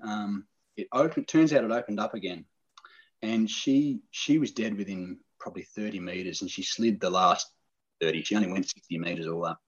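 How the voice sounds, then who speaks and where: A middle-aged man spins a long story in casual chat, lively and animated as he acts out what others said. His voice sits fairly low with a husky edge. The sound is muffled and lo-fi. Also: normal speed. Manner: animated, excited storyteller, acts out quoted lines. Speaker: podcast guest telling a hunting story.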